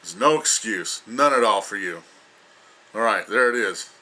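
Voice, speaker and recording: A man's voice: lowish voice, lively intonation, measured pace, sharp tone. An older man giving an emphatic, lecturing opinion rant as a vlogger, repeating himself for emphasis.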